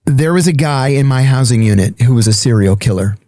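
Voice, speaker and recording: A man's voice: mid-range voice, lively intonation, fairly quick, warm tone, dry recording, clean studio sound. A man speaking as a guest, telling a story in a blunt, profane, matter-of-fact way. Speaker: podcast guest. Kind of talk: casual storytelling.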